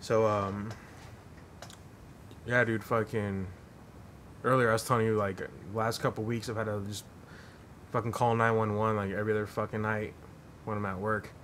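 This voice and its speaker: A man's voice: lowish voice, level tone, moderate pace, long pauses, fairly bright tone, slight background noise. A man hosting a podcast, telling a long story in a rambling, profane way full of fillers. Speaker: podcast host. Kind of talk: casual storytelling.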